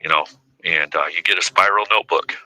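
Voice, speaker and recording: A man in his fifties speaking as an interview guest, drifting through his story with constant fillers. His voice is low and pushed hard, with a tense edge. The sound is close and dry, with no room around it. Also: fairly quick, pushed and bright, no room sound, low-quality recording. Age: 50s. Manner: rambling, heavy with "you know" and "uh". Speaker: podcast guest.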